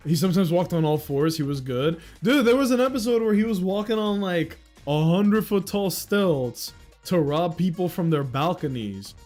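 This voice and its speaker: A young man rambles casually on his livestream, swearing and breaking into loud outbursts. His voice sits a little high, with faint music underneath. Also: moderate pace. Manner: excitable, swearing, with sudden loud outbursts and laughs. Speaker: streamer.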